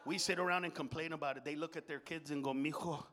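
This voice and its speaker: A middle-aged man doing live stand-up in a comedy club, profane and shouting, dropping Spanish slang. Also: a little high, fairly even intonation, fast talker.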